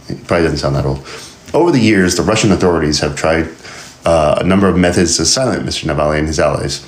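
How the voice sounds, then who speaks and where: A man's voice: rumbling low, animated, fast talker. A man hosting a casual podcast, reading news aloud and riffing on it in a rambling, joking way with frequent laughs. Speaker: podcast host. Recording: roomy echo.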